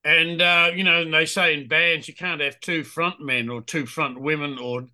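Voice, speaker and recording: A man's voice: a little high, fairly even intonation, normal speed, sharp tone. A man hosting a music interview, eager and hesitant with frequent ums. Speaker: interviewer host. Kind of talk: casual interview chat.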